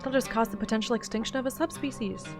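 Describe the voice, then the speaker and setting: A woman's voice: on the high side, fast, over music, lightly acted. A woman voicing an eager young monster-hunting vlogger. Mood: earnest. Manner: bright, earnest, pleading. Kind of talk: voiced-over game dialogue.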